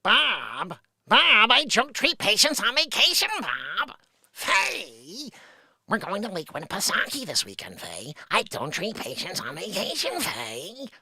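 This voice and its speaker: An exasperated, fussy middle-aged psychiatrist, as a man puts him on, drawing out every word slowly. The voice is bright and breathy, and it swings wildly up and down in pitch. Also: huge pitch swings, dry recording, exaggerated voice.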